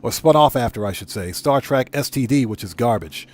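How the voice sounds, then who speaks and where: A man's voice: medium pitch, lively intonation, a little fast, a little mellow. Rambling middle-aged male game streamer. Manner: rambling, self-correcting, reads chat aloud. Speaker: livestream host. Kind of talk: casual livestream chat while gaming.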